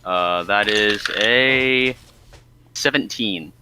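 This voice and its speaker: A man playing in a tabletop game, stammering with quick restarts. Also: fairly low pitch, background noise. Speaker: player. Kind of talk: casual tabletop game play.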